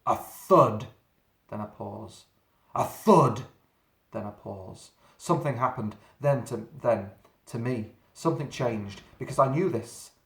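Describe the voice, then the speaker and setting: A man reading a children's story aloud, dramatic and slowing down for suspense. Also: mid-range voice, creaky. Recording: roomy echo.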